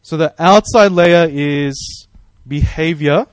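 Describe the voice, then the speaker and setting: Guy giving a sermon, casual and friendly, asks the crowd stuff, kinda high voice, dry sound. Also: slow, clean tone, no room sound. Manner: friendly, conversational, asks the room questions. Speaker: pastor. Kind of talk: sermon with audience questions.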